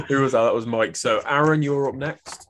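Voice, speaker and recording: A man's voice: medium pitch, fairly bright tone, slight background noise. A man hosting a casual quiz among friends, joking and teasing the players. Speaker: quiz host. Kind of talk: casual game chat.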